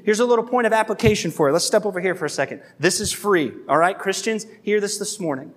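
A man preaching a sermon as pastor, earnest and pleading, conversational in tone. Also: high-pitched. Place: church hall. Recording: long hall reverb.

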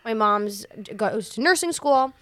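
A woman from New York City telling stories as a guest on a casual podcast chat, in an animated way. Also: a little high, measured pace, no room sound. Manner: animated storyteller. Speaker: guest, playwright and comedian.

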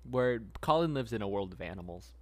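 A man's voice: fairly low pitch, lively intonation, fairly quick. A man co-hosting a casual podcast, improvising a story with laughs and rambling. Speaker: podcast co-host.

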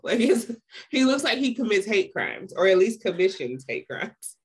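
A podcast co-host in casual chat with a stuffy nose, expressive and profane, laughing often and acting out quotes. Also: mid-range voice, moderate pace, breathy edge. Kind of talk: casual chat recapping a TV series.

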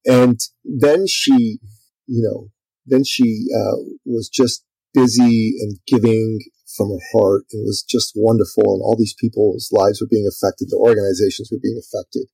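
A man guest on an interview, a business coach telling a story in an energetic, conversational way. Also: on the low side, a little slow, vocal fry, slightly rough, no room sound, rough recording. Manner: energetic, lively storyteller, acts out quotes.

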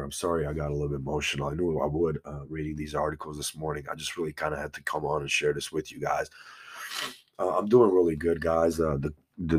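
A man's voice: a bass voice, husky, dry recording, clean studio sound. A man hosting a solo podcast, talking casually and earnestly, sometimes choked up and swearing freely. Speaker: podcast host. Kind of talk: emotional casual monologue.

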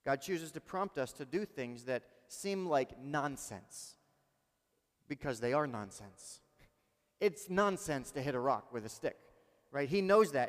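Animated preacher man in a reverberant hall. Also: a little high. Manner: animated, conversational preaching with rhetorical questions. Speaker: pastor. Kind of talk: sermon.

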